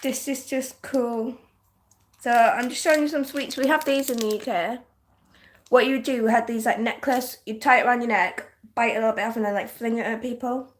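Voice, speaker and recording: Young English woman, softened northern accent, casual livestream chat, giggly, lots of fillers, slightly high voice. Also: fairly even intonation, a little fast, a little hiss or hum. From northern England. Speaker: livestream host.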